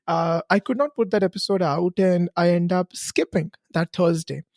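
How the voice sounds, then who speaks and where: A man's voice: high voice, normal speed, darkish tone, dry recording, studio quality. A man from India hosting a podcast, telling a long story in a loose, rambling way with frequent restarts and repeated phrases. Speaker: podcast host. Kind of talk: casual conversational interview.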